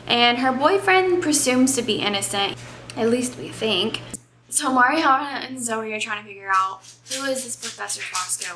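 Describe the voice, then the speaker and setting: A chatty woman with a fairly high voice, recapping a book for her vlog at home. She sounds excited, dropping now and then into breathy whispers. The sound is roomy and echoey, with a faint hiss behind her. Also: normal speed. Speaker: book vlogger. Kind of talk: casual reading vlog chat. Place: home reading nook, indoors. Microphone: camera on a tripod. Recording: roomy echo with faint background noise.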